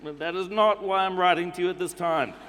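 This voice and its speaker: A prim New Zealand man, put on by a male comedian reads a formal complaint letter with fussy precision. The voice sits high, well above the comedian's own. It rings out through a reverberant hall, with faint ambience underneath. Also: a little fast, fairly bright tone, slight background noise. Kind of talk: stand-up comedy reading. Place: comedy club stage.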